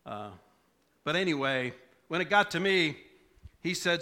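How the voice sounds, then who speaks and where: A man's voice: mid-range voice, animated, unhurried, long pauses, sharp tone. A middle-aged male preacher telling a personal story in a sermon, asking the congregation questions along the way. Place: church.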